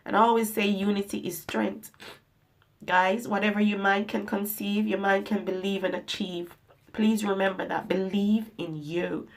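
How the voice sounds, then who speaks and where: A woman vlogger and mother talks to her viewers in an emotional, motivational pep talk. Her voice is gravelly with plenty of fry, and she stresses points by repeating them. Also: mid-range voice. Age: adult mother. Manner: heartfelt and emphatic, repeating phrases. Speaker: vlogger and herbal products maker.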